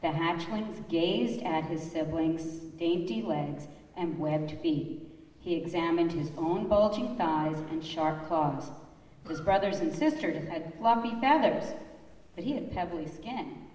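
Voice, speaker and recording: A woman telling children a story in church, reading a storybook slowly and expressively. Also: lowish voice, darkish tone. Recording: echoey church hall, far off.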